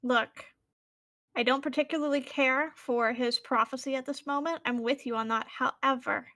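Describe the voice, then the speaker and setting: Woman playing an earnest protective adventurer, high voice, pleading with her party. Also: steady tone, normal speed, bright, forceful tone, no room sound.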